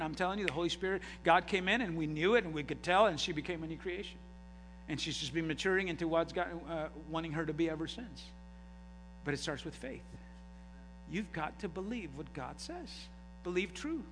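Male pastor, middle-aged, high bright voice, fervent sermon delivery, reverberant hall. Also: a little hiss or hum. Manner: impassioned, rising to shouts. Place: church sanctuary.

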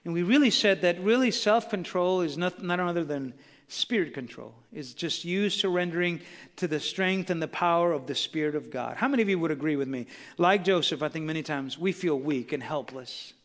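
A pastor preaches to his church, his voice bright and fairly high for a man. He swells and drops as he acts out the people he quotes. A long hall reverb trails every phrase. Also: brisk. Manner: preaching with rising intensity and acted quotes. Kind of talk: sermon. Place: church sanctuary.

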